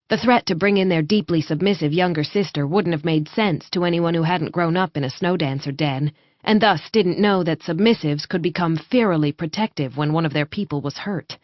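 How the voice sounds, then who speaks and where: Audiobook narrator: woman, low voice, measured read, dry and slightly muffled sound. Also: no echo. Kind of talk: scripted narration.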